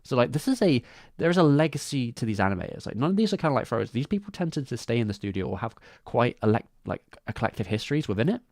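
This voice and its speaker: Man, casual live-stream commentator, rambling with restarts, mid pitch, dry close sound. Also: very animated, fast, darkish tone, dry recording. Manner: rambling, many restarts and asides. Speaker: streamer discussing animation credits.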